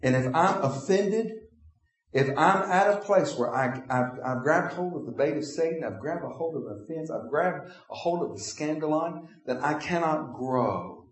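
Preacher in an echoey hall. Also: male voice, fairly high pitch, lively intonation, normal speed. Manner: acts out imagined dialogues with congregation. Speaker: pastor. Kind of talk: sermon.

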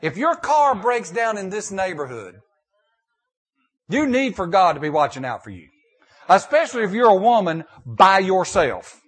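A man's voice: sits high, sing-song, normal speed, fairly bright tone, slightly rough. An older man, a pastor, preaching a sermon in a folksy storytelling way, often repeating and restarting his phrases.

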